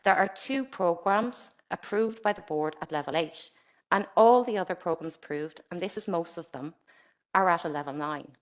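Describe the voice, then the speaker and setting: A woman from Ireland with a slightly low voice delivers a scripted webinar presentation. She reads in a measured, formal way, steady and careful. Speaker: presenter for a regulator.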